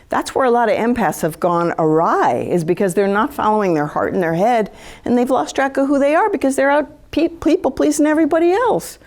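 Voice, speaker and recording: A woman giving a live talk to an audience in a chatty, animated way, often acting out quoted thoughts. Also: mid-range voice, gravelly. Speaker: speaker giving a talk on empathy.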